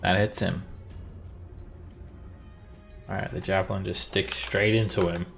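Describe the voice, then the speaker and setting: A man narrating as game master in a tabletop game, relaxed and halting with fillers. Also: deep voice, vocal fry, soft background music.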